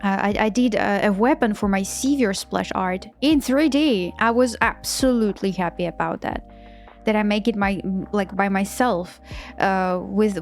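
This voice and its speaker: A woman's voice: mid-range voice, normal speed. A woman in her thirties chatting casually on a live stream while she draws, enthusiastic and often restarting her sentences in non-native English. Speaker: artist streaming while drawing. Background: faint background music.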